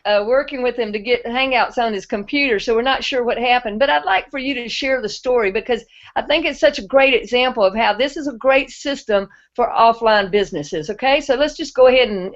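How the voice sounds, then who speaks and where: A woman's voice: fairly high pitch, moderate pace, hardly any pauses. A woman hosting a web hangout, talking in a chatty, friendly way. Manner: friendly, chatty, Southern-style speech. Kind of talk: casual chat. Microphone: video call. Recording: muffled web call audio.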